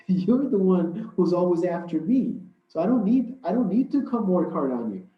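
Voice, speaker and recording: A man's voice: fairly high pitch, measured pace, lightly acted. A man voicing a weary, mocking male devil in a story he tells during a religious talk, with a smug, unbothered manner. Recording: roomy, dull lo-fi hall recording.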